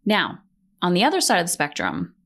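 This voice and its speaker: A woman's voice: lowish voice, huge pitch swings, brisk, fairly bright tone. Middle-aged woman coach on her podcast, blunt, swears a lot, keeps repeating the point. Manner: blunt, swears freely, emphatic repetition. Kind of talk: motivational solo podcast talk.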